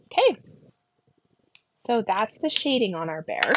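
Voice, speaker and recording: Woman craft instructor, gravelly and a bit husky, lingering cough, casual tutorial talk, dry lo-fi sound. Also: on the high side, very animated, unhurried, pauses often. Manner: talks while colouring, often trailing into soft murmurs. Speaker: card-making instructor.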